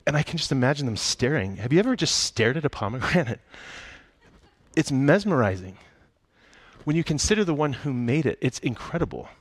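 A man's voice: mid-range voice, very animated, fairly quick, husky, dry recording. Man preaching casually, dry sound. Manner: conversational, humorous storytelling. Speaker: pastor. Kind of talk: sermon.

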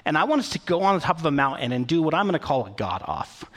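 A man voicing the prophet Elijah in a sermon retelling, bold, challenging and excited. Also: fairly high pitch, fast talker. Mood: brash. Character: eager, chatty biblical prophet Elijah, man.

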